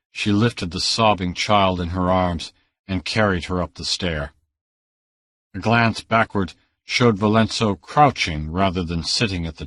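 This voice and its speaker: A man narrating a pulp adventure audiobook in a measured, dramatic storytelling manner. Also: deep voice, fairly bright tone, no room sound, studio quality. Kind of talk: scripted narration.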